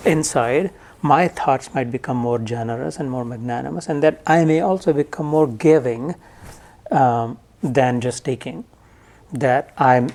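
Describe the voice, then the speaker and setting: A man teaching scripture to a room of listeners, his voice sitting at an ordinary middle pitch. He talks in a loose, conversational way, stopping to unpack each Sanskrit word and its meaning. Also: a little mellow. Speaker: Gita teacher. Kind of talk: spiritual lecture to a live audience.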